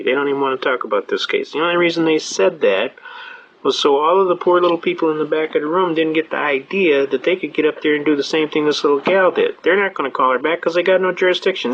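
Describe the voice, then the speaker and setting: An animated male lecturer spins courtroom stories and acts out the quotes. His voice sits fairly high for a man. The recording sounds dull and lo-fi. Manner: animated storyteller, acting out quotes. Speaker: constitutional law lecturer. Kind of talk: seminar storytelling.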